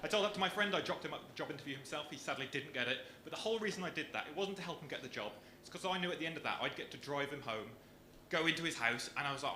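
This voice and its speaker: Deadpan Brummie man doing stand-up. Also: a little high, rapid-fire. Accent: Birmingham. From Birmingham area, England. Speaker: stand-up comedian. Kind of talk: stand-up comedy set. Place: comedy club stage. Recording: echoey club with audience noise.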